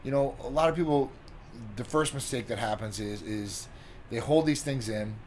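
A man co-hosting a talk show, giving relationship advice in a measured, filler-laden way. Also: mid-range voice, a little mellow, slight background noise. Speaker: co-host, partner of the other host. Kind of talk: casual advice chat.

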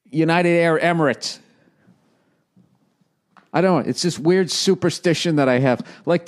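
American man in his forties, podcast host, rambling profane comedic monologue, high-pitched mocking asides, fairly high voice. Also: a little mellow. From United States. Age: 40s.

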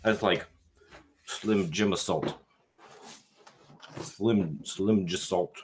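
A man's voice: sits low, slow, slight background noise. A young adult man streaming live, chatting casually with crude jokes and frequent laughter. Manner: crude, joking, laughs often.

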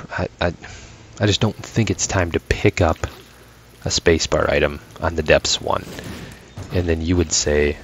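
A man's voice: extremely low pitch, steady tone, normal speed, faint music behind. A man giving casual, profane gameplay commentary, ranting with sarcastic asides and sounding tired late at night. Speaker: gaming channel host.

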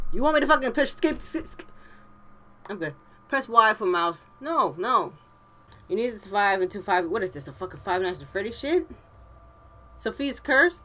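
A woman YouTuber doing let's play commentary, tipsy and frustrated, cursing freely with loud outbursts. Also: medium pitch, big pitch swings, moderate pace, long pauses, faint music behind. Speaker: gaming YouTuber.

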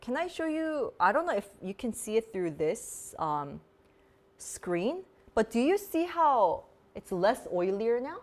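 A woman's voice: fairly high pitch, sing-song, unhurried. A woman hosting a beauty vlog, chatting casually and bubbly while demoing products, with lots of "like" fillers. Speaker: beauty vlogger host. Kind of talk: casual live product demo chat.

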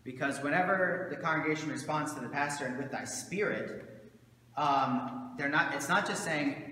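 A man's voice: fairly high pitch, moderate pace, pushed and bright, a little hiss or hum. A man, a pastor, teaching his congregation in a casual, conversational way with many fillers and asides, recorded in a church sanctuary. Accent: Southern American. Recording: roomy church hall with long echo.

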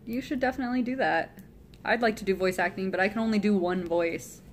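A giggly, chatty woman streaming casually from a hotel room, trading quips with her friends at a mid pitch. Her talk is loose and playful. A faint hum of room noise sits underneath. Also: quick pace. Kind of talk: casual chat.

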